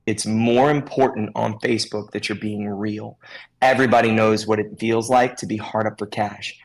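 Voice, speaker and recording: A man co-hosting a casual chat show, giving animated advice to hair stylists. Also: on the low side, moderate pace, low-quality recording. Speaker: podcast co-host.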